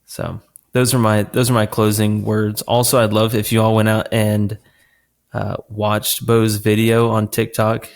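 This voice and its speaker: A man co-hosting a casual podcast, with a low voice that has a gravelly, fry-heavy edge. He rambles along, restarting phrases and dropping fillers as he signs off the episode. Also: monotone, unhurried. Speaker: podcast co-host.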